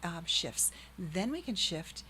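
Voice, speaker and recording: Woman host, calm, measured, affirming, lowish voice, faint background noise. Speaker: podcast host, hypnosis practitioner. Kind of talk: conversational interview.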